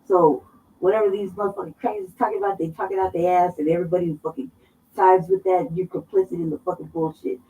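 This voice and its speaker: A woman from Colorado co-hosts a casual political talk show, speaking at medium pitch with a quick, animated delivery. She's blunt and emphatic, swearing heavily as she makes her points. The mic sounds dull and somewhat distant.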